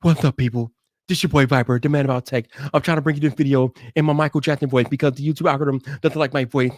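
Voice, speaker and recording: A man putting on a hushed, timid tech presenter. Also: mid-range voice, fairly even intonation, fast, dry recording, pitched below the performer's own voice, lightly acted. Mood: mocking hush. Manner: quiet, subdued mock delivery.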